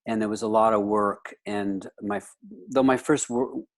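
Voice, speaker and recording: A man in his fifties from the United States chats loosely as a guest, his voice sitting slightly low. He wanders through his thoughts and keeps dropping "you know" between phrases. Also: steady tone, moderate pace. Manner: rambling, with frequent "you know" fillers. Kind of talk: casual interview chat.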